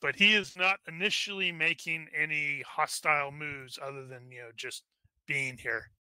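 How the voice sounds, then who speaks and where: A man running a tabletop game as game master, talking in halting bursts with many restarts. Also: on the high side, fairly even intonation, pushed and bright, smooth, no echo.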